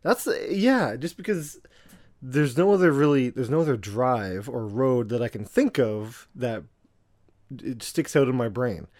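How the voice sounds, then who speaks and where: Co-hosting a podcast, this Canadian man speaks hesitantly and casually, sprinkling in fillers and laughter. His medium-pitched voice is animated yet measured in pace and a little mellow, captured in studio quality with no echo.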